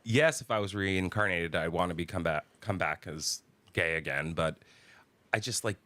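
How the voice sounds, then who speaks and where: Male podcast co-host, thirties, bright, lively and very expressive delivery, dry close sound. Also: low voice, no echo. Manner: animated storytelling, laughs often, quick restarts. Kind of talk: casual chat.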